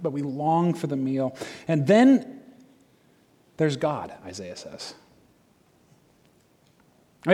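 A middle-aged man preaches in a loose, conversational way, full of fillers and quick restarts. His voice sits high for a man. The sound rings with the long reverb of a large church hall. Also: darkish tone. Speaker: pastor. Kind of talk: sermon.

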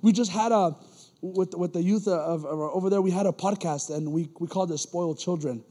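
A man preaching a casual, animated sermon in a church as an elder, using slang and acting out quoted voices. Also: high voice, a little fast, long reverb tail.

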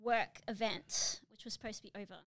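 A woman guest in casual podcast banter, blunt and swearing with quick comebacks. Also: mid-range voice, fairly even intonation, a bit bright, no echo.

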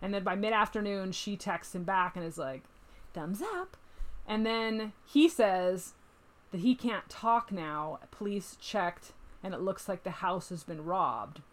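A woman hosting a casual true crime chat, animated, reading letters aloud with emphasis. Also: medium pitch, unhurried. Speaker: podcast host.

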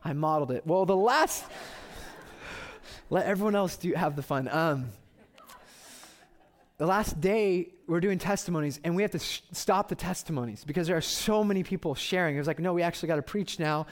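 A man in his thirties preaching a sermon, telling stories with loud excitement and then dropping to quiet reverence. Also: on the high side, normal speed. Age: 30s. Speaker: pastor.

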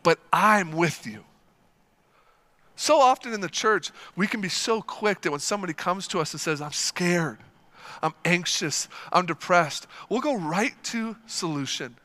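A man preaching a sermon as a pastor. He is animated and emphatic, tells stories vividly and repeats words to stress a point. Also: sits high, moderate pace. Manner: animated and emphatic, with lively storytelling.

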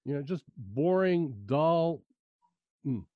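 A man in conversation, telling an animated personal anecdote about work attitude, often repeating key phrases. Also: fairly high pitch, slow pace, no echo. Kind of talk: conversational storytelling. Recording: dry, muffled lo-fi sound.

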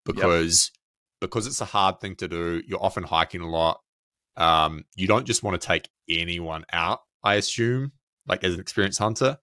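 Deep-voiced New Zealand man, chatty. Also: normal speed, bright, forceful tone, dry recording, clean studio sound. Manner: loose and rambling, with many fillers. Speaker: podcast co-host. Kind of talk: casual chat.

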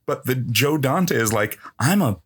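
A man's voice: medium pitch, expressive, a little slow, a bit bright, husky. A man chatting casually on a film podcast, rambling and swearing, with frequent laughs. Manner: rambling, profane, laughs often. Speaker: podcast co-host, actor.

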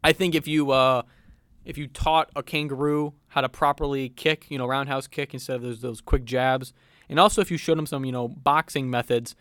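A man's voice: mid-range voice, steady tone, moderate pace, a bit bright, smooth, dry recording, studio quality. A young man doing playful mock sports commentary on a football video game, in a mock-serious broadcaster tone with fillers.

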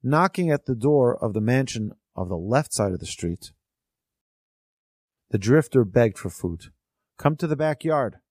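A man's voice: medium pitch, lively intonation, a little slow, pauses often, darkish tone, no room sound, studio quality. Earnest man teaching a parable. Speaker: religious teacher. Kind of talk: storytelling lesson.

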